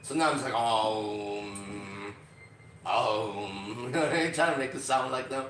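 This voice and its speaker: A man hosting a podcast, telling a story in a casual, profane and animated way, acting out other people's lines. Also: mid-range voice, quick pace, a little hiss or hum. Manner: profane, animated, acts out quotes. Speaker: podcast host. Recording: roomy, distant from mic.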